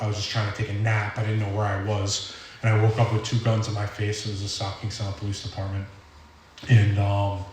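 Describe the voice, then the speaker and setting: A young man with a Rhode Island accent giving an earnest, rambling personal testimony at a recovery meeting, halting often with fillers. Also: on the low side, recorded from a distance, slight background noise. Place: meeting hall. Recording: roomy hall audio from off-mic.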